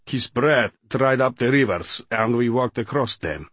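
Guy doing a patient translator man in an audiobook, steady and guarded, husky voice, dead dry. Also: mid-range voice, measured pace, no echo. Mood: measured. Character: stern adult male translator, patient and guarded. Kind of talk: audiobook character voice.

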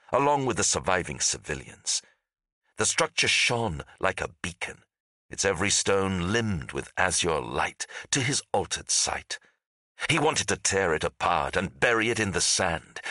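A man narrating a fantasy audiobook in a dramatic, lively storytelling manner. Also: deep voice, no room sound, clean studio sound. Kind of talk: scripted narration.

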